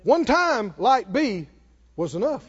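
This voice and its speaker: Man, sermon, high-pitched voice, emphatic repetition, long church-hall reverb, dull lo-fi recording. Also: very animated, slow, breathy edge. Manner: repeats phrases for emphasis, calls for congregation responses. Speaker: preacher.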